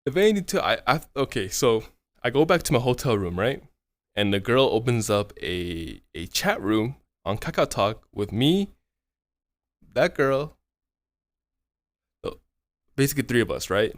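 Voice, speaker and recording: A man's voice: mid-range voice, very animated, a little slow, pauses often, dry recording. A man in his thirties streaming, telling a rambling story with lots of swearing and "right?" fillers. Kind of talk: casual storytelling chat.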